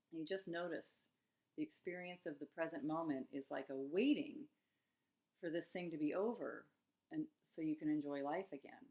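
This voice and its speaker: A middle-aged woman gives gentle, reflective self-help coaching about struggles with eating. Her voice sits low, and she lets soft laughs slip in between her thoughts.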